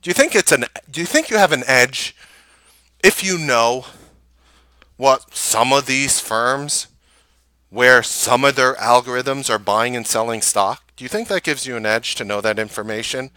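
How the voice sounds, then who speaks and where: A man host recapping a trading day and pitching his course, emphatic and full of rhetorical questions. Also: unhurried, bright, forceful tone, no echo.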